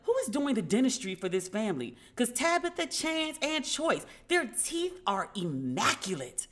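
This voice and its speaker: A woman hosting a podcast in a casual, animated way, acting out dialogue and talking frankly with profanity. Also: a little high, normal speed. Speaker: podcast host. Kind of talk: casual commentary.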